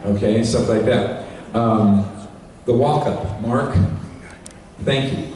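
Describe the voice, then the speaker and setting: A man with a dark-toned, medium-pitched voice speaks slowly at a sales training event, with slight background noise. He presents live in a folksy, instructive way through a cordless handheld mic and PA, giving cues to the sound tech. The echoey hall with its audience is recorded from a distance.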